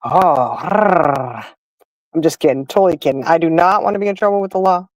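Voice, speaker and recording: Talking rapid-fire in a lowish, darkish voice, this middle-aged livestream host chats casually and spins stories, laughing a lot and addressing the chat as "y'all." The recording is dry and rough.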